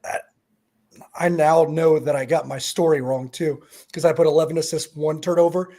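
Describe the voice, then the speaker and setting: A man's voice: a little high, fairly even intonation, moderate pace, dark tone. A man co-hosting a sports podcast, giving thoughtful analysis that often trails off and restarts.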